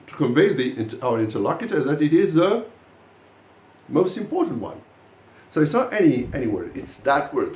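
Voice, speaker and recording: Lively encouraging male English teacher. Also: on the high side, roomy sound. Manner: encouraging, lively praise of students. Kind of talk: live classroom pronunciation lesson.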